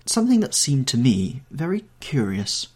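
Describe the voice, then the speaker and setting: A man's voice: mid-range voice, wildly swooping pitch, moderate pace, darkish tone, breathy edge, pitched above the performer's own voice. A man voicing a charming, guarded young man in a storybook reading, with a lighter, evasive delivery. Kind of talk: audiobook character reading.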